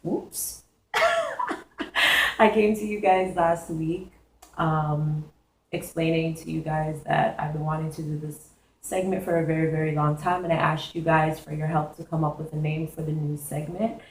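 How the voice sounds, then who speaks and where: A hoarse young woman chatting casually to camera, hosting her own advice segment with a chatty, giggly manner. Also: deep voice, steady tone, moderate pace, echoey room, slight background noise, rough recording. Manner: chatty, giggly, talks straight to viewers.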